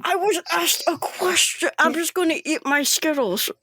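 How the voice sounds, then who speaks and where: A woman voicing a laid-back male mutant who talks offhand and deadpan. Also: fairly high pitch, fast, creaky, a little hiss or hum.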